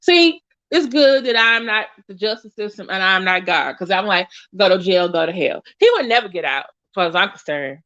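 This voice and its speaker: A woman's voice: mid-range voice, lively intonation, normal speed, few pauses, sharp tone, no echo, highs cut off. A woman giving blunt, emotional reaction commentary as she reads news aloud, swearing and talking back at it. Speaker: commentary youtuber.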